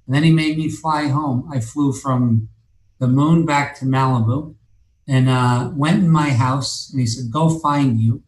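A man's voice: mid-range voice, steady tone, measured pace, echoey room, rough recording. A man telling a long personal story as an interview guest, rambling and cursing, with many fillers and restarts. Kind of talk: casual storytelling.

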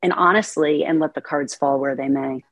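A woman guest on a radio talk show speaking calmly and thoughtfully about supporting others. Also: low voice, creaky. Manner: calm, measured, thoughtful. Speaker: guest, burnout coach. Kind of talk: interview conversation.

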